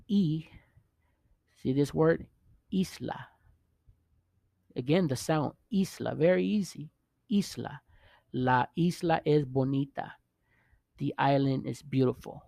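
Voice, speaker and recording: Male teacher, casual online lesson; gravelly, dark tone, dry close sound, stop-start delivery. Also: mid-range voice, no echo. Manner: halting, restarts often, checks in with "okay?" and "right?". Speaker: Spanish teacher.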